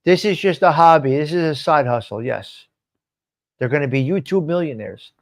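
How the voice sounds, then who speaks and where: A man's voice: on the high side, normal speed. Rambling man hosting a live stream. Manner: rambling, talks back to chat commenters by name, swears. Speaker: host of a live stream show. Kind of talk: casual live-stream chat reading viewer comments.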